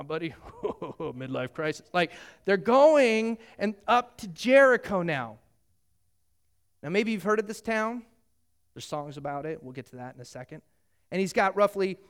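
A middle-aged male pastor delivers a sermon in a notably high voice. He tells the story animatedly and acts out the dialogue between the biblical characters. He moves between casual asides and earnest appeals to the listener.

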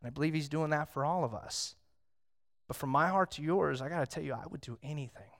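A man in his thirties delivers a sermon in a casual, conversational way, as if talking with friends. His voice sits a little high for a man. He tells stories and drops to a hush, then rises to loud excitement. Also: quick pace, gravelly. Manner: conversational, storytelling, swings from hushed to loud. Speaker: pastor.

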